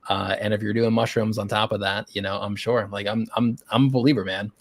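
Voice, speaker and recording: Male podcast host, low voice, casual and encouraging, swears freely. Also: fairly even intonation, fairly quick, vocal fry. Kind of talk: casual interview chat.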